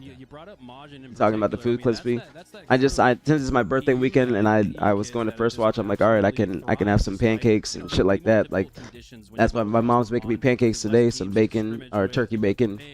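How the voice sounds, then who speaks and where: Congested low-voiced male streamer. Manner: relaxed, rambling, talks to chat by name. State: congested from a cold. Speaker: streamer hosting a watch party. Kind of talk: casual stream chat reading chat messages.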